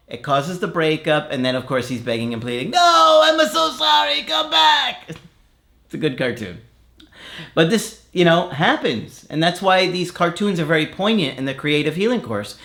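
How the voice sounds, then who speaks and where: A man's voice: a little high, fairly bright tone. A man working as a relationship coach, frankly and emphatically giving advice in answer to viewer comments.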